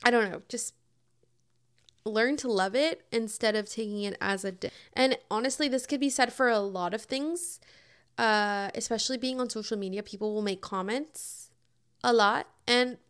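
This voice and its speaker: A woman's voice: a little high, normal speed, fairly bright tone, clear, resonant tone. A young woman hosting a podcast, answering listener questions in a chatty, upbeat way, with lots of "like" and "oh my God.". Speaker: podcast host. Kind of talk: casual advice chat answering listener questions.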